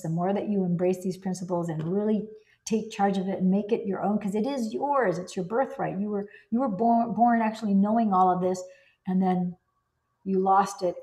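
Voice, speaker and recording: Mellow-voiced woman reading and commenting. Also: mid-range voice. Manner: enthusiastic, exclaims and digresses. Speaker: book reader and commentator. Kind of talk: reading aloud with personal commentary.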